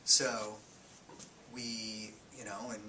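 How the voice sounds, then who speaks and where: A man speaking to a class as a guest, casually recounting his time as a journalist, halting with fillers and sinking to a near-whisper on grim parts. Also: on the low side, flat delivery. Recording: distant mic with noisy background.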